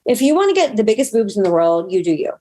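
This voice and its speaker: A woman's voice: mid-range voice, very animated, fast talker, dark tone. A woman guest in an interview, telling a personal story in an earnest, talkative way. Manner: earnest, talkative, acts out past moments in quotes.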